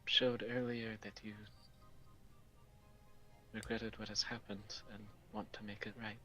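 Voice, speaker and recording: A man speaks in character during a tabletop role-play, soft and hesitant, filling gaps with pauses. His voice sits low and flat, with a bright edge, and he talks slowly. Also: soft background music. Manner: soft, hesitant, full of ums. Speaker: player.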